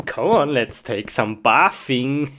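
A woman acting out a comedy skit, excitable, breaking into shrieks and giggles. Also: a bass voice.

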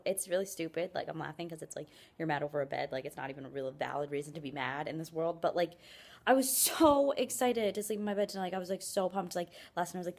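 Fairly low and a little mellow, this voice belongs to a young college student filming a casual vlog indoors at her apartment. She rambles on, leaning heavily on "like" and complaining about herself in a joking way.

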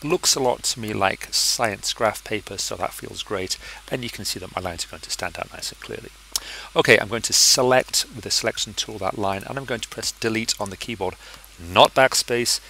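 Gravelly, chatty man teaching design software. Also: lowish voice, a little fast, a little hiss or hum, poor audio. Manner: chatty, self-deprecating, thinks aloud. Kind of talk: screen-recorded software tutorial.

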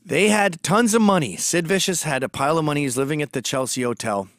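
Gossipy man with a slightly high voice. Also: quick pace, a bit bright, no echo, studio quality. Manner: gossipy, swaggering storyteller with blunt asides; turns urgent and emphatic when warning. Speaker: host. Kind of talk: storytelling monologue.

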